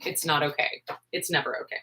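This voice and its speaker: A woman's voice: deep voice, steady tone, fast talker, pushed and bright, poor audio. A woman in her forties chatting casually on a livestream, rambling with lots of "like" and "um". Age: 40s. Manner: rambling, full of "like" and "um". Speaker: livestream host. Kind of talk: casual live chat.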